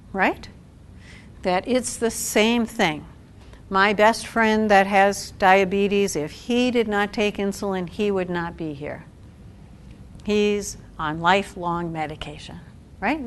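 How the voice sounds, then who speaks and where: A woman social worker giving a talk to a support group, animated and acting out quotes with laughs. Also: medium pitch.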